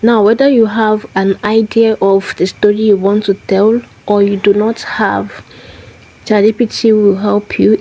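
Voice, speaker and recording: Mellow-voiced woman explaining step by step. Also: medium pitch, slightly rough, rough recording. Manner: methodical, repeats key phrases. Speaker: tutorial host. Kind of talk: step-by-step screen tutorial.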